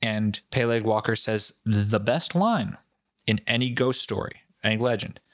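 A man with a Rhode Island accent tells a local legend in loose, swearing podcast chat. His voice sits low. The recording is close and dry, with no room sound. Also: measured pace, no echo. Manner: profane, off-the-cuff and animated. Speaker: podcast co-host. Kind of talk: casual chat, storytelling.

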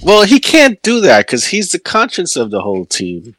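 A man's voice: high voice, huge pitch swings, a bit bright, dry recording. A man co-hosting a podcast, chiming in with dry jokes and short quotes in casual chat. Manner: dry interjections and quick jokey quotes. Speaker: podcast co-host.

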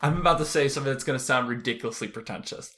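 A man co-hosting a film podcast in casual chat, animated and rambling, laughing often between asides. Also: mid-range voice, racing. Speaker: podcast co-host.

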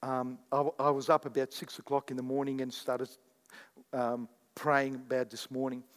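A man preaching a sermon as pastor, animated and repetitive, telling stories to his church. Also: mid-range voice, moderate pace, in a large hall. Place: church sanctuary.

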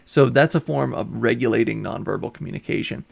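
Man with a gravelly voice lecturing. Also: mid-range voice, a little fast. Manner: explanatory, steady, gives worked examples; occasional self-corrections mid-word. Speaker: college instructor. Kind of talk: recorded supplemental lecture. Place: recorded for an online course video.

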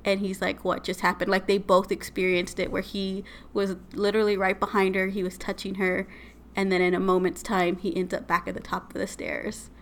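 A woman chats on a podcast, retelling creepy tales in a loose, filler-heavy way. Her voice is bright and forward, and her pitch stays fairly level. Her speech is casual and conversational. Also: monotone, fairly quick, a little hiss or hum. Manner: retells eerie stories with many fillers. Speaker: podcast co-host. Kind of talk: casual storytelling chat.

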